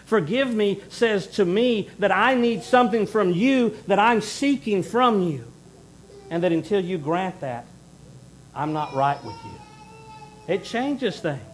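A middle-aged man preaching a sermon in earnest, rising to loud emphasis and then dropping to a hushed plea. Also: high-pitched, animated, measured pace, slight background noise, rough recording. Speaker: pastor.

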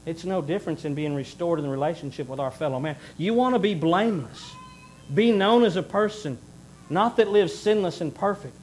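Earnest preacher man, fairly high voice. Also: lively intonation, brisk, rough recording. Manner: earnest preaching, swings between loud emphasis and hushed pleading. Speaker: pastor. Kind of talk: sermon.

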